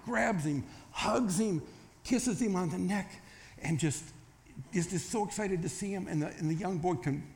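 A man's voice: high-pitched, normal speed. A man preaching a sermon, telling a story casually and acting out the voices in it. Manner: storytelling, acts out quoted voices with rising excitement. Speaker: pastor.

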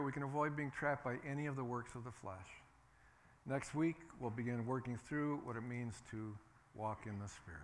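Male pastor mid-sermon, bright forceful tone, emphatic, repeats himself, calls for responses. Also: mid-range voice, brisk.

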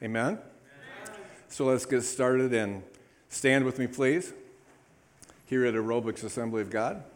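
In his church sanctuary, a male pastor preaches a sermon in an upbeat, chatty way, often calling for amens and lively responses from the congregation. His mid-range voice is unhurried, with a little hiss or hum.

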